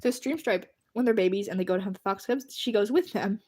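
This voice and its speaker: A woman's voice: medium pitch, fast talker, a little mellow, husky. A woman chatting casually on a livestream while drawing, rambling and giggling as she thanks her viewers.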